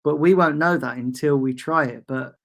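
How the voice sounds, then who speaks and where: A man's voice: a little high, normal speed. A young man hosting a football fan channel, delivering a heated, exasperated rant and circling back to the same complaints. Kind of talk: ranting monologue.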